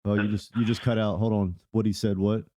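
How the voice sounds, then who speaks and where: A man's voice: fairly low pitch, level tone, fairly quick, dark tone, no echo. A man hosting a podcast, asking short probing questions in an interview. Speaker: podcast host.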